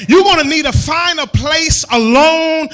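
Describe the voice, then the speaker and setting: A man preacher delivering a sermon in a church, with a rhythmic, sing-song, half-shouted cadence. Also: very high voice, unhurried.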